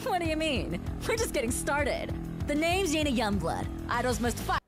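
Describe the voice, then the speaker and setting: Bossy hyena idol gym coach, high and bouncy, voiced by a woman, over loud backing music. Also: very animated, normal speed. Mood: pumped, bossy. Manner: brash, pumped-up commands. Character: fired-up female hyena idol, drill-sergeant fitness coach.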